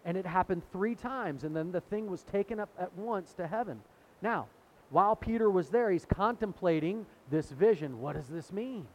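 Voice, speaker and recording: A man's voice: high voice, expressive, moderate pace, dull audio. A middle-aged man preaching a sermon in a conversational way, retelling scripture and acting out the quotes. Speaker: pastor.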